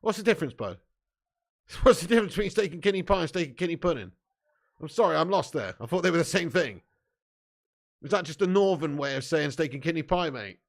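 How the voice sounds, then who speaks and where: Man, young adult, livestream host, jokey banter, swears, laughs a lot, slightly high voice. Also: expressive, a little fast. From southern England. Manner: banters with chat, laughs often, swears, calls everyone mate. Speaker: fan channel host. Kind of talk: live match watch-along chat.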